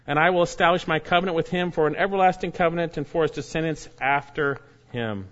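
A man's voice: on the high side, fast, muffled recording. A man, a pastor, preaching a sermon verse by verse, reading scripture aloud and adding emphatic asides to his listeners.

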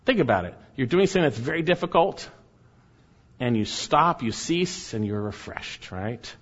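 A man preaching a sermon, emphatic, repeating key phrases and swinging between loud and soft delivery. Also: medium pitch, lively intonation, moderate pace, husky. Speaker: pastor. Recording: dull sound with long hall reverb.

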